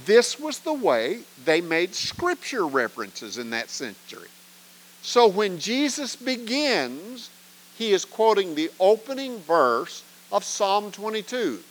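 A man's voice: sits high, sing-song, slow pace, poor audio. A man teaching an evening Bible study as a pastor, earnest and emphatic, often asking rhetorical questions.

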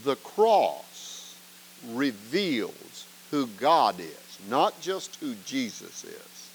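A man's voice: medium pitch, sing-song, extremely slow, slight background noise, rough recording. A man teaching an evening Bible study as a pastor, earnest and emphatic, often asking rhetorical questions.

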